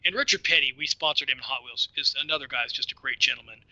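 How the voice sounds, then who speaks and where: A middle-aged man telling stories as a podcast guest, lively and self-deprecating, often laughing at himself. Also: medium pitch, racing, dry recording, lo-fi sound. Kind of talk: casual storytelling.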